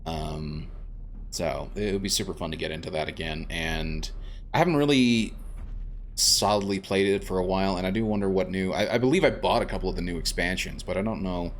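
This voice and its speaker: Male game streamer, low voice, rambling casual chat, faint background noise. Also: brisk. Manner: chatty, rambling, restarts, answers chat. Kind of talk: casual let's-play chat.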